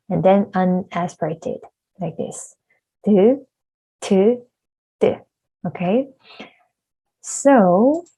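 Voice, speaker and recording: A woman's voice: lowish voice, warm tone, rough recording. A woman who speaks natively, teaching a lesson in English, patiently repeating each sound one at a time. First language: Korean. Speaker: language teacher. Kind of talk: slow spoken lesson.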